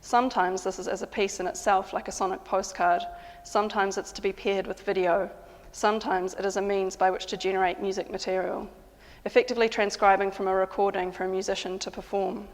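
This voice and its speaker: A woman composer and sound artist narrating in a calm, measured, matter-of-fact way. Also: mid-range voice, long reverb tail. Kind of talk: reflective spoken narration.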